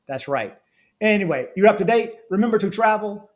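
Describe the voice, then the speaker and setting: A man's voice: high-pitched, lively intonation, a little fast, slight background noise. A man, a travel vlogger reading reviews aloud and ranting in casual asides with frequent restarts.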